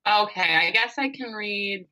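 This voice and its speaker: A woman author chatting as an interview guest, often laughing and poking fun at herself in quick asides. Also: mid-range voice, bright, forceful tone, rough recording. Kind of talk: casual interview chat.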